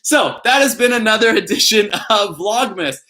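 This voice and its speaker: A man's voice: high voice, lively intonation, normal speed, bright, forceful tone, slight background noise. Young male vlogger, casual and playful, laughs easily, hams up jokes. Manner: playful, giggly, reads puns in a put-on emphatic voice. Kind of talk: casual vlog chat.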